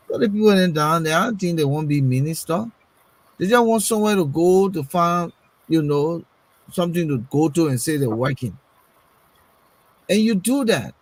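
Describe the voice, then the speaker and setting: A man's voice: a little high, animated, moderate pace, rough recording. A man, arguing politics on a talk show, pressing rhetorical questions and repeating words as he searches for the next thought. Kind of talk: casual political discussion.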